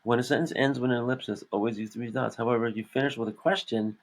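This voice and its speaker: A man's voice: medium pitch, steady tone, fast talker, poor audio. A man co-hosting a podcast, chatting casually while lettering a comic page. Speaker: comic artist and podcast co-host.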